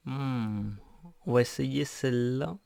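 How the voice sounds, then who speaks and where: A man's voice: medium pitch, measured pace, vocal fry, dark tone, clean tone. A man casually commenting on a dating game while playing it. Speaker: gameplay commentator. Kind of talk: casual let's play commentary.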